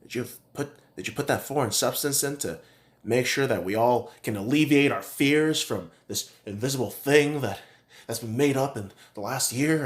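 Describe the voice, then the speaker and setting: A man putting on a low, hushed, whiny voice to mock a timid, fretful man who parrots the news. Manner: mocking, whiny imitation. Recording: echoey room.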